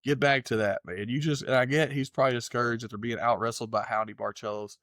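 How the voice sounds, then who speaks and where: A man's voice: mid-range voice, fairly even intonation, fast, fairly bright tone, no echo, clean studio sound. A man co-hosting a fight podcast in casual chat, loose and profane, rambling through his takes. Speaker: podcast co-host.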